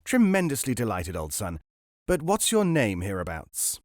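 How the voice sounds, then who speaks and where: An unflappable con man in a storybook, breezy and jovial, with clipped, clubby phrasing, as a male narrator puts him on. His voice rides up and down with lively swings, a little higher than the narrator's own, and the recording is dry. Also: moderate pace, no echo.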